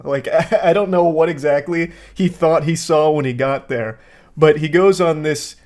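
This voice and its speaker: A man's voice: on the high side, normal speed, a little mellow. A man hosting comedic commentary, reading out text messages with sarcastic, dry, mocking asides. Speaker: host.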